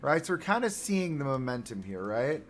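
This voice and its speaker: A man's voice: medium pitch, big pitch swings, moderate pace, soft background music. A man chatting casually to his live chat while he builds in a game, joking at his own expense. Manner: chatty, self-mocking, talks to chat. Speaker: livestreamer. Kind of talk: casual game livestream commentary.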